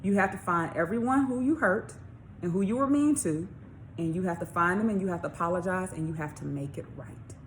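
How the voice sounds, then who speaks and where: Lady doing a gentle firm storybook mom, patient, a bit higher and questioning. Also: fairly quick, a little hiss or hum, close to an everyday voice. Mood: gently firm. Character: caring mother of a young boy, gently firm.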